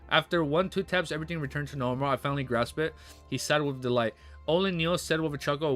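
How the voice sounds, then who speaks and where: A young man on a live stream, reading a novel aloud and breaking off for excited, swear-filled chat. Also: a little high, soft background music. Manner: reads quickly then breaks into excited swearing reactions.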